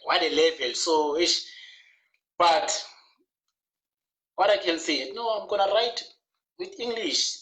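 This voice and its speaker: Bright-voiced man laughing and repeating. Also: high voice, takes it slowly, long pauses, rough recording. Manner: animated, laughing, repeats words for emphasis. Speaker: guest author. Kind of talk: online interview chat. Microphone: video call.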